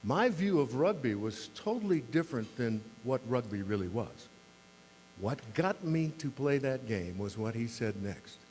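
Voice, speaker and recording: Sixties mayor, dry self-deprecating storyteller, mid-pitched, long hall reverb and a faint hum behind. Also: male voice, sing-song, measured pace, darkish tone. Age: 60s. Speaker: mayor giving a club speech. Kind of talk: humorous after-dinner speech.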